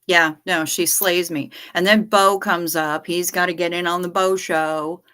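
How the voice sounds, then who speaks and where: A woman's voice: lowish voice, steady tone, measured pace, sharp tone, smooth. A woman hosting a livestream from home, chatting casually, rambling candidly and swearing freely. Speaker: livestream host.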